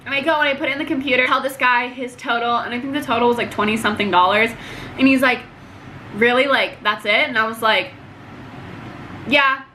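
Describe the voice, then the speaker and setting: A young woman vlogger tells the camera a story from her job, chatty and casual, dropping "like" constantly and acting out quotes. Her voice is fairly high and bright, steady yet forceful, and she races along over a slight hiss or hum.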